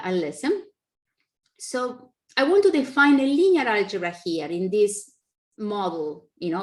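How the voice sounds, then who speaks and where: A woman presents a mathematics talk through a computer mic on a video call. She explains in a casual, self-correcting way, with many fillers and slightly non-native phrasing. Her voice sits at a middle pitch for a woman. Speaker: mathematics lecturer. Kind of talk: online conference math talk.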